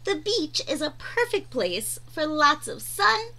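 A woman reading a children's picture book aloud in a gentle, sing-song way, chatting to her dog between pages. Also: high voice, sing-song, unhurried, a little hiss or hum. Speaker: storyteller.

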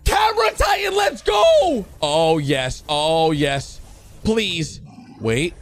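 A man giving excited commentary over animations, swinging from loud shouts to low mutters. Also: takes it slowly, loud music behind the voice. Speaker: YouTube commentator.

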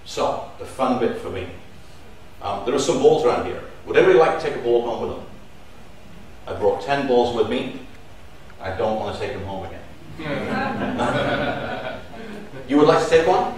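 A man's voice: medium pitch, lively intonation, brisk, darkish tone, a little hiss or hum. Man in his fifties, echoey hall. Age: 50s. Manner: chatty, joking with the audience. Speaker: conference speaker. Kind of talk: live conference presentation. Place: large conference hall. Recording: echoey hall, mic at a distance.

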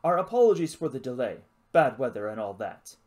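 Storybook creature: a tiny lizard with a booming posh officer's voice, brisk and bouncy in pitch, done by the reader. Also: sing-song, a little mellow, close to an everyday voice. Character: talking lizard with a posh deep male voice.

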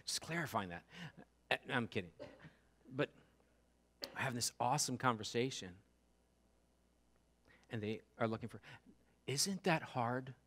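Male pastor, casual sermon delivery, acts out quotes, punches repeated words loudly. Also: medium pitch, animated, a little slow, long pauses. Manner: conversational preaching with acted-out quotes and rising emphasis. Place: church sanctuary.

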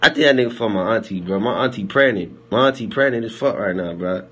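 A man's voice: fairly low pitch, quick pace, fairly bright tone, breathy edge. Laughing, rambling young man on a phone livestream. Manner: rambling, laughing, teasing viewers, drawling slang. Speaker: rapper livestreaming to viewers. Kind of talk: loose joking livestream chat.

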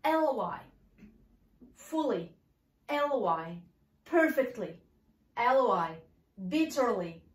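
Lively high-voiced woman teaching English. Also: echoey room. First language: Arabic. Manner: slow, stressed model pronunciations of words. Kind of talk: bilingual language lesson.

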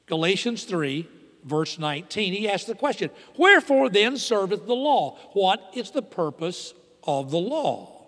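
A middle-aged pastor delivers a sermon from the pulpit in a voice high for a man, very animated yet unhurried. He drops into hushed, intimate asides, then rises into loud, emphatic declarations, all wrapped in the long reverb of a church sanctuary.

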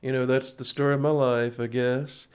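A man's voice: mid-range voice, flat delivery, moderate pace, smooth. Folksy rambling man in his forties. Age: 40s. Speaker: singer hosting a music livestream. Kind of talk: casual livestream chat between songs.

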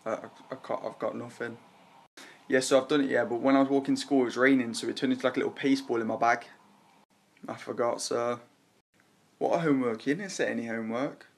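A man's voice: mid-range voice, vocal fry. A man acting out a school comedy sketch, rambling through flustered excuses.

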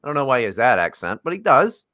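A man's voice: medium pitch, sing-song, quick pace, pushed and bright. A man co-hosting a casual podcast, joking sarcastically and swearing a lot. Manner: sarcastic, profane, jokey. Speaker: podcast co-host. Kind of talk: casual comedic podcast chat.

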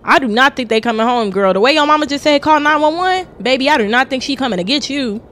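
A woman streamer jokes brashly over her gameplay. Her voice is high and bright, and she talks loudly. A faint hiss sits behind her. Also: lively intonation, fast. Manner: loud, brash, joking. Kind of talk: live game commentary.

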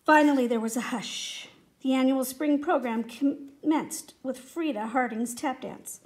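A woman reading a children's story aloud in a steady, expressive way. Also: sits high, measured pace. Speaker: reader.

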